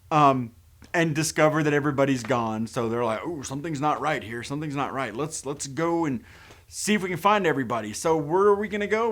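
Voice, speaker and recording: A man's voice: mid-range voice, a bit bright. Sarcastic man recapping a horror movie. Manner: sarcastic, incredulous. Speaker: movie reviewer. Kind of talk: casual plot recap and commentary.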